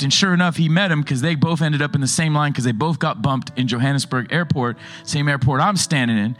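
Animated preacher man, slightly high voice. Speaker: pastor. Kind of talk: sermon.

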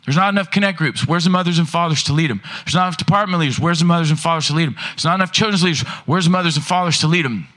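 A man preaching in a church, his voice sitting high and bright. He is animated and keeps firing rhetorical questions at the congregation. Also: very fast, hardly any pauses. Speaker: pastor. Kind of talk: sermon.

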